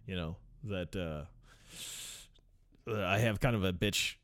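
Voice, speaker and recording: Smooth-voiced man reading and riffing, profane. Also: low-pitched, measured pace, fairly bright tone, no room sound. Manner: profane, laughing asides, rambling. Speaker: vlogger reading an article aloud. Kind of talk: casual reading with commentary.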